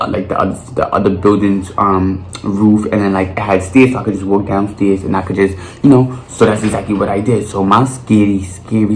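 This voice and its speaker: Animated young New man telling stories. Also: fairly low pitch. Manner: animated, profane storytelling with lots of slang. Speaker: vlogger. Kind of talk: storytime monologue. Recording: roomy with faint noise.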